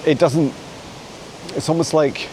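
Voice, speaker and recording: A man answering viewer questions as a psychic mentor in a casual vlog. He talks in a meandering, chatty way with frequent soft laughs, recorded on a handheld phone camera while walking a dog in a forest. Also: a little high, fairly even intonation, a little slow, slight background noise, rough recording. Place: forest outdoors.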